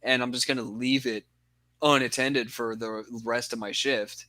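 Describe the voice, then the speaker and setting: Bright-voiced swearing storyteller man. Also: mid-range voice, steady tone, normal speed. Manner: rambling storytelling, heavy swearing. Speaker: podcast co-host. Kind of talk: casual chat.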